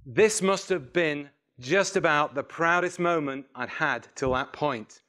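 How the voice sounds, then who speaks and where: Animated man telling a story. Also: a little high, a little slow. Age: middle-aged. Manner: animated, self-mocking, acts out phone calls. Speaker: public speaker. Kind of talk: storytelling talk to a live audience.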